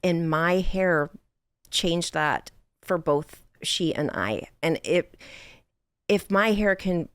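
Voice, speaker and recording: Smooth, low-pitched woman telling a personal story. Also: animated, slow pace, no room sound. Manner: candid, chatty, frequent "like" and "um", laughs through sad moments. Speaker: widow sharing her story.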